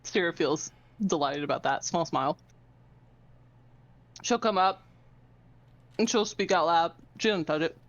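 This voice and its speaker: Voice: medium pitch, lively intonation, unhurried, long pauses. A player describing their character's moves in a tabletop game, dry and teasing, while eating. The sound is dull and lo-fi.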